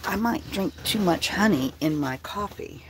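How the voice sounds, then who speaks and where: A woman's voice: mid-range voice, lively intonation, unhurried, background noise. A woman talking on her own livestream, blunt and heavily profane. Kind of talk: casual livestream talk.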